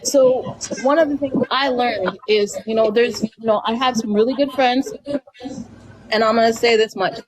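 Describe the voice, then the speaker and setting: Woman from Colombia, fairly high voice, earnest, measured, halting with restarts, storytelling. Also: fairly even intonation, noisy background. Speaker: guest on a live stream. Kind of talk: personal storytelling on a call-in live stream.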